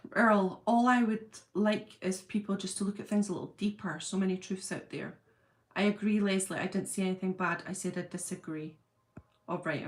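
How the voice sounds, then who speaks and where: Chatty rambling middle-aged woman. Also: mid-range voice. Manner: chatty, rambling, laughs often. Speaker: livestream host. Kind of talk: casual live chat reading viewer comments.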